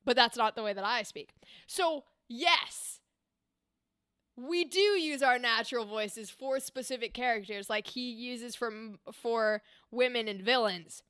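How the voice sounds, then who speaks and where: A young woman voice actor chatting casually on a livestream, animated and explaining with demonstrations. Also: on the high side, measured pace, clean tone, dry recording, clean studio sound. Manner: animated, talks with her hands, explains with demonstrations. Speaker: streamer and voice actor. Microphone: desk microphone.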